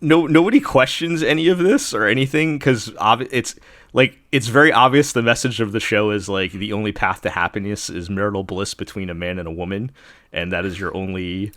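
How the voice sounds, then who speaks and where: A man with a lowish voice, recorded close and dry, hosts a casual podcast conversation. He rambles through his reviews, restarting sentences and leaning on fillers. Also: a little fast, fairly bright tone, no echo. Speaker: podcast host. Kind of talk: casual chat reviewing anime.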